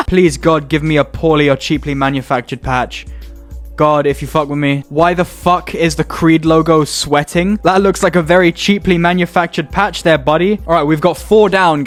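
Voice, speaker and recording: A young man hosting a casual reaction video, swearing a lot, mocking what he sees and laughing often. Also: fairly high pitch.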